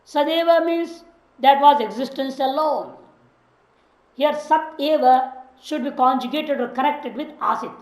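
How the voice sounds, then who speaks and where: A woman's voice: sits high, measured pace, a little mellow, echoey room, poor audio. A woman teaching a scripture class, reciting Sanskrit phrases and explaining them word by word in English. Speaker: Vedanta teacher.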